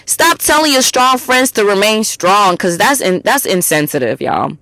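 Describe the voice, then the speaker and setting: A woman hosting a solo podcast, talking bluntly and emphatically with lots of swearing, swinging between loud outbursts and low asides. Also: animated, moderate pace, few pauses, dry recording. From immigrant to the US. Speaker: podcast host.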